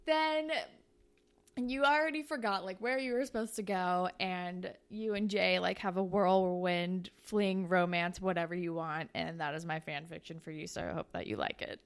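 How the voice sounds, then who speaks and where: A woman's voice: fairly low pitch, steady tone, normal speed, clear, resonant tone. A woman hosting a podcast, telling a story in a chatty, casual way full of "like" fillers. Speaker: podcast host.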